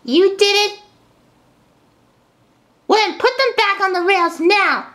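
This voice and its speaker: A very high voice doing Amanda, an upset lady train engine. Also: slow pace, pushed and bright, full character voice. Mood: indignant. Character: upset female train engine, indignant and demanding. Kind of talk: fan-made toy train video voice acting.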